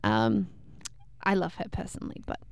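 A woman's voice: lowish voice, animated, moderate pace, creaky, clear, resonant tone, no echo. A woman co-hosting a casual pop-culture chat, enthusiastic and talkative, with lots of fillers. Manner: enthusiastic, chatty, many fillers. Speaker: podcast co-host.

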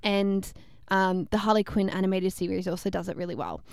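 A woman chats eagerly about comics, full of fillers and quick asides. Her voice is smooth and clear. It is recorded close and dry. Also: medium pitch, darkish tone, no room sound. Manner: enthusiastic, chatty, many fillers. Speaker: podcast co-host. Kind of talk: casual pop-culture chat.

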